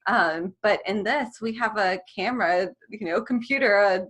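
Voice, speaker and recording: A woman's voice: medium pitch, moderate pace, fairly bright tone. A young adult woman, a music therapist, chatting animatedly on a video call and laughing often as she talks. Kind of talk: casual interview chat.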